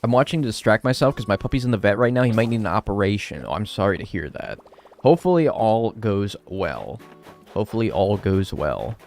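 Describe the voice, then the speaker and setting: A man's voice: lowish voice, sing-song, brisk, darkish tone, faint music behind. An American man chatting casually on a live stream while playing a game, joking around and swearing freely.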